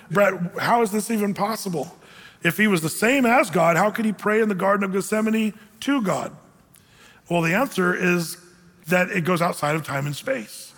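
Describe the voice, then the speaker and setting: A man with a high voice delivers a sermon from the stage of a church, and his words ring out with a long hall reverb. He keeps it conversational and lightly joking, stopping often to pose rhetorical questions to the congregation. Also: fairly bright tone. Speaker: pastor.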